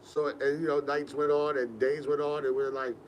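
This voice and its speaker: A young man casually telling funny stories on a podcast, animated and slangy, laughing as he goes. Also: on the high side, moderate pace, a little hiss or hum. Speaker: podcast host. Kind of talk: casual storytelling.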